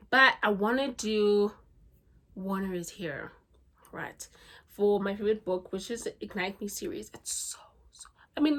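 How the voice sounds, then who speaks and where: A woman's voice: medium pitch, fairly bright tone. A woman talks through her favorite books in a loose, chatty vlog. She gushes, leans on fillers and repeats herself for emphasis, and her voice sits in an ordinary middle range. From South Africa. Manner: gushing, chatty, lots of "like" and "legit". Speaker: book vlogger. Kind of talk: casual book review vlog.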